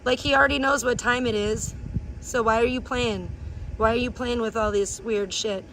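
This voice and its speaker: A woman live streamer ranting in blunt, crude, gossipy chat and sometimes breaking into high playful chants. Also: fairly even intonation, moderate pace, a bit bright, slight background noise. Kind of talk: casual IRL livestream chat.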